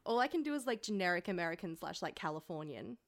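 A woman's voice: fairly low pitch, very animated, fast talker. A woman co-hosting a podcast in casual chat, laughing often and swearing freely. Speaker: podcast co-host.

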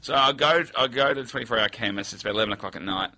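Bright-voiced man telling stories. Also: mid-range voice, very fast. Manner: animated anecdotes, acts out other people's voices. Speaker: guest. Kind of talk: casual podcast storytelling.

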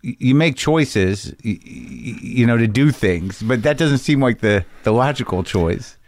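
A man's voice: mid-range voice, expressive, a little slow, dry recording. A man with an ordinary mid-range voice who hosts a casual interview. He asks long, meandering questions and restarts himself often, and the sound is dry and close. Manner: rambling, restarts, chatty questions.

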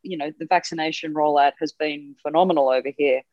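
A woman's voice: low-pitched, steady tone, quick pace, no room sound. An Australian woman comedian chatting as a guest, wry and laughing at her own bleak points. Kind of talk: casual comedic chat. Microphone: remote line from home. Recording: dull dry call line.

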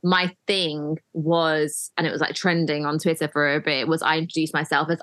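Woman guest on a podcast, lower voice, chatty and self-deprecating, dry close mic. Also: level tone, moderate pace, few pauses, a bit bright, no echo. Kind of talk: casual podcast chat.

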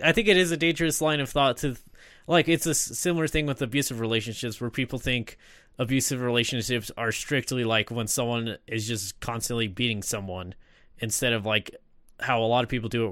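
A man at a mid pitch, a guest on a casual film podcast. He makes earnest points and lets them fade into quieter asides. The room sounds dry. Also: steady tone, a little fast, no room sound.

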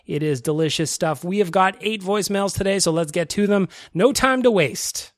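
A male podcast host with a slightly high voice rants and jokes in a loose, self-mocking way. He is close on a dry-sounding mic. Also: normal speed, dry recording. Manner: energetic, joking, self-mocking. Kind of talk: casual sports podcast rant and ad reads.

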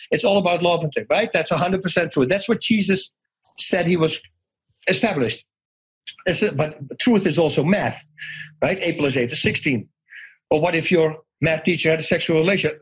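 Husky-voiced man. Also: on the high side, poor audio. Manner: animated, acts out quoted voices, restarts often. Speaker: interview guest. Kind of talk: conversational storytelling.

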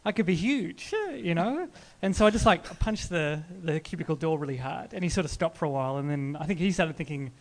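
A man with a noticeably high voice tells a comic story in casual chat. He keeps restarting his sentences and laughs as he goes. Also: brisk, few pauses. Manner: rambling, self-interrupting, laughing through the story. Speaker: comedian guest.

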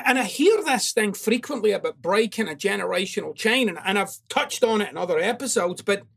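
A man's voice: very high voice, a bit bright. A man delivers a self-help monologue in a blunt, confrontational way. He swears often and presses the listener with pointed questions. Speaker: host of a self-help talk show. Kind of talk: motivational monologue.

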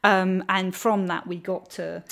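A woman's voice: lowish voice, level tone, measured pace, gravelly, a bit bright. A woman in her forties chatting casually as a podcast guest, rambling with fillers and restarts and laughing easily. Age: 40s.

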